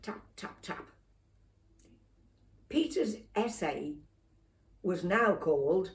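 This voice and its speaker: Older woman reading a kids' storybook, slow and lively in pitch, in an echoey room. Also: gravelly, far from the mic. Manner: expressive, unhurried. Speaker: storybook reader.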